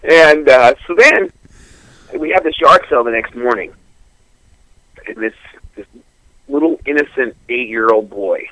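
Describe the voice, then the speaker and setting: Man, crude storyteller, lively pitch, bright voice, dry close sound. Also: no echo, poor audio. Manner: profane, animated, laughing through the story.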